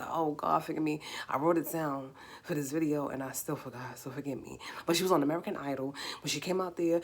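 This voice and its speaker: Husky low-voiced New York woman. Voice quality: slightly raspy. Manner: emphatic, fires rhetorical questions. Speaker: livestream host. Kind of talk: casual live commentary.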